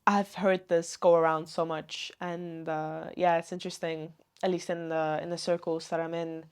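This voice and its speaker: A woman talking to camera in a personal vlog, gentle and earnest, with meandering sentences. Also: lowish voice. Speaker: vlogger.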